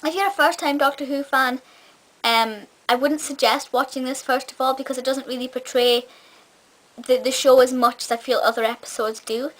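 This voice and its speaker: A woman's voice: high-pitched, fairly even intonation, moderate pace, a bit bright. Chatty woman with a part-Scottish accent. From Scotland. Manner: chatty, enthusiastic, many fillers and restarts. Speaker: film reviewer. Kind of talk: casual review vlog.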